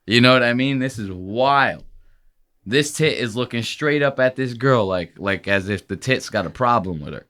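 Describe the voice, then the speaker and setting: A man's voice: medium pitch, expressive, normal speed, a bit bright. A man hosting a podcast, chatting casually in a crude, joking, rambling way. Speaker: podcast host. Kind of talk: casual chat.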